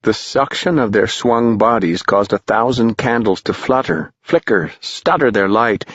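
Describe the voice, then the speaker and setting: A man reading a story aloud as an audiobook narrator, with a measured, rhythmic delivery. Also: lowish voice, a bit bright, dry recording. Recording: dull lo-fi dry recording.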